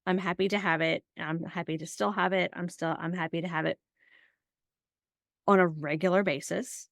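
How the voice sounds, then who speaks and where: A woman hosting a relaxed podcast conversation, her voice sitting a little low with a gravelly edge. She tells personal stories in a chatty way and acts out the old conversations. The sound is close and dry. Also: normal speed, no echo. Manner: chatty storyteller who acts out past conversations. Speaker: podcast host. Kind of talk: casual interview conversation.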